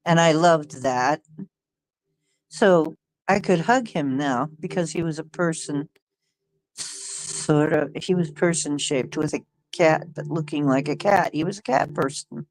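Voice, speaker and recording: A woman hosting her channel, telling a personal story in a halting way, often repeating herself and sighing. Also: low-pitched. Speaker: channel host.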